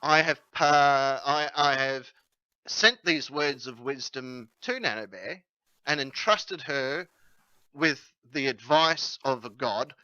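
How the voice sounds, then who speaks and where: A man's voice: mid-range voice, slow, sharp tone, smooth, no echo, lo-fi sound. An Australian man hosting a casual comedy chat show, rambling through bits and acting out silly phone calls. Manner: rambling comic storytelling, acts out phone calls in silly voices. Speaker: podcast host.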